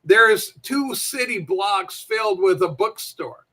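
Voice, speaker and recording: A woman's voice: mid-range voice, expressive, takes it slowly, sharp tone. A woman in her seventies hosting a livestream show, chatting in a rambling, folksy way and swearing casually.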